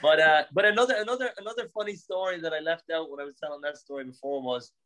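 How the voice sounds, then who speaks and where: A young Irish man from Ireland telling animated stories on a podcast, laughing, swearing and restarting his sentences. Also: fairly high pitch, fast talker. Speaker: podcast guest. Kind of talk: casual storytelling.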